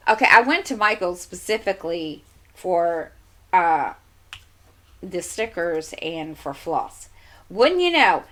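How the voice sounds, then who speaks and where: A middle-aged woman with a fairly low voice talks casually into a desk microphone in her home craft corner. She rambles through an exasperated story and keeps doubling back with asides. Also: very animated, takes it slowly, fairly bright tone. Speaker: crafting channel host. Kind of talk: casual chat.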